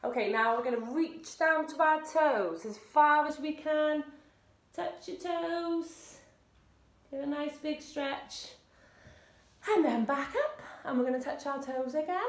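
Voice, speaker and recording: A woman, an encouraging fitness instructor who leads a seated warm-up with cheery whoops. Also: high-pitched. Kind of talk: leading a seated exercise warm-up. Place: indoor room, seated on a chair. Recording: echoey room.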